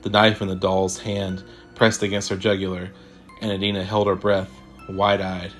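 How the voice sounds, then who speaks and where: A man reads a sci-fi horror story aloud in a measured, steady delivery. His voice sits low, and soft music plays faintly underneath. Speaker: narrator. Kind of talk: scripted horror story narration.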